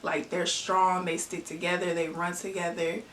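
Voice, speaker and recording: In a lowish, level voice that's fairly bright, a Southern vlogger from Arkansas/Tennessee talks at a moderate pace through a casual get-to-know-me video, answering her own questions with fillers and asides. The recording carries a little hiss or hum, an echoey room and a distant mic.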